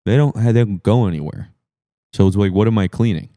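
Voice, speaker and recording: A man with a very deep, dark and smooth voice, recorded close and dry. He tells outlandish comic stories in a flat, deadpan way, as a podcast guest. He is from New Hampshire. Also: a little fast, no echo. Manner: deadpan absurd storytelling. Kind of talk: improvised comedy interview.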